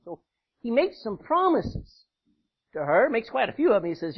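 A man's voice: very high voice, very animated, normal speed, slightly rough. A man preaching a sermon, folksy and conversational, with chatty asides to the congregation. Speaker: pastor. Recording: dull lo-fi recording.

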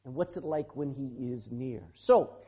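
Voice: medium pitch, a little slow, dark tone, husky. A pastor preaching a sermon, asking the congregation rhetorical questions and acting out quoted speech.

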